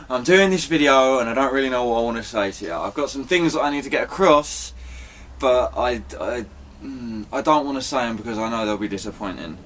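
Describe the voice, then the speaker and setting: A man's voice: medium pitch, expressive, a little fast, a bit bright. A man giving a rambling, apologetic vlog update, chatty and swearing now and then. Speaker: vlogger.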